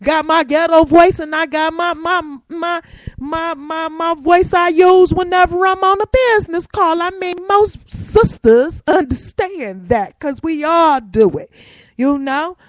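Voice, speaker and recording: A woman hosting her own talk show from her room, preaching and testifying in an animated way with African American Vernacular English. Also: extremely high pitch, unhurried, no echo. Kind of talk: casual religious talk show monologue.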